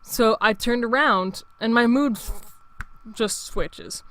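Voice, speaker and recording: A man's voice: very high-pitched, slow pace, a bit bright. A young man in his late teens, hosting his own show in a rambling, profane casual monologue full of restarts. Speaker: show host.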